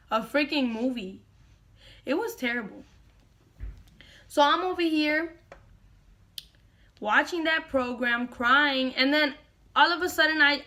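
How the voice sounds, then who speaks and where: A woman's voice: sits high, sharp tone. A young woman vlogger dramatically retelling a personal story to camera, repeating lines for effect.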